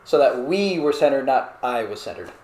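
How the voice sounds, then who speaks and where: A man's voice: medium pitch, animated, normal speed, a little mellow, slight background noise. A man co-hosting a casual podcast chat, chiming in with brief, agreeable comments. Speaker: podcast co-host. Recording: echoey room.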